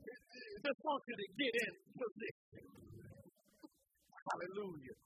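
A man's voice: very high voice, huge pitch swings, measured pace, sharp tone, no echo, low-quality recording. A man preaching a sermon in a folksy call-and-response style, calling out hallelujah and talking straight to young people. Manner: folksy, speaks to young people with everyday examples.

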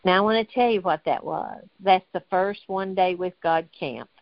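A woman's voice: lowish voice, normal speed, vocal fry, lo-fi sound. An older woman from North Carolina tells an emotional faith story as a guest on a talk show. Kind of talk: testimony in a faith talk interview.

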